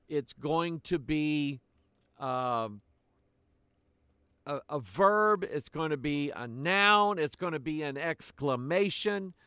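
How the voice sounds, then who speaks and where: Older male preacher, slow, measured delivery, higher-pitched voice, dry close sound. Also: a bit bright, no room sound. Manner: slow, deliberate preaching with pauses. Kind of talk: sermon.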